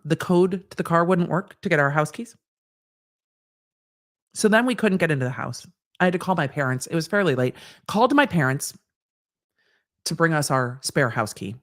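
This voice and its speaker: A woman from Southern California hosts a live stream and tells a personal story with lots of wry asides. Her pitch climbs and dips freely as she talks, and she drops the occasional swear word. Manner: animated, wry, swears casually. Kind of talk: casual anecdote storytelling.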